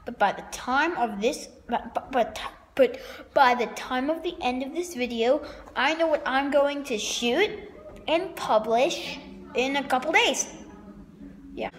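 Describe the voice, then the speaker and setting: A woman's voice: sits high, a little hiss or hum. A woman vlogger rambling unscripted to the camera, jumpy, playful and self-mocking. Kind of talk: unscripted vlog chat.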